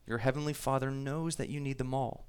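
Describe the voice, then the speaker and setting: A man's voice: mid-range voice, steady tone, a little fast, darkish tone, clear, resonant tone. A man preaching a sermon to his congregation, talking easily, reading scripture aloud and repeating himself now and then. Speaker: pastor.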